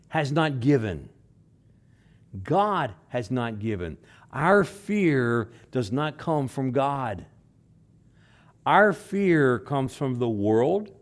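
A man preaching a sermon, repeating phrases for emphasis and swinging between loud stresses and hushed words. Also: on the high side. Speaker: pastor.

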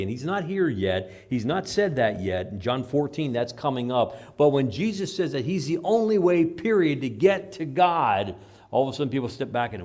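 Animated male pastor preaching a sermon. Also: moderate pace. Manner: animated preaching, swings from loud emphatic lines to low quiet asides.

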